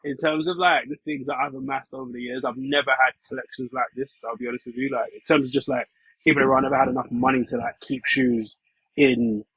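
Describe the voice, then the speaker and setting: Rich: A young man from England talks in a relaxed, rambling way, leaning on fillers. His voice is husky and a little breathy. The recording is dry and somewhat dull, as if muffled. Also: medium pitch, quick pace, no room sound. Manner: laid-back, lots of fillers like "you know what I mean". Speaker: podcast guest. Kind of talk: casual chat.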